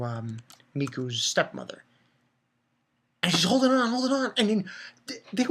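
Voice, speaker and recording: A man giving a casual anime episode recap, excitable and profane, stumbling over repeated words. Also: a little high. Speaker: anime reviewer.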